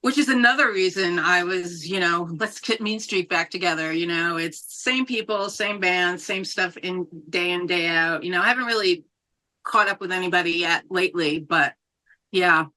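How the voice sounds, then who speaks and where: A woman's voice: lowish voice, normal speed, bright, forceful tone. A woman from New Mexico, a metal band singer, chatting animatedly as a podcast guest, laughing often and swearing casually. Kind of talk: casual interview chat.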